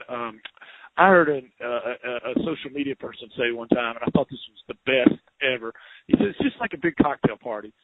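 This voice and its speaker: A man with a Southern accent hosting a podcast interview, chatty and quick to laugh, with many restarts. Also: on the high side, no echo. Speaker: podcast host, home inspector. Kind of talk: casual interview chat. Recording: dry, phone-like narrow sound.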